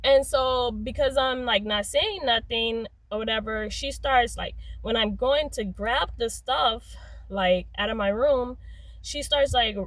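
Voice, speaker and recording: A young adult woman telling a personal story in a casual, rambling way, full of "like" and "um", swapping curse words for softer ones. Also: fairly high pitch, unhurried, dry recording, rough recording. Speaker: storyteller vlogger.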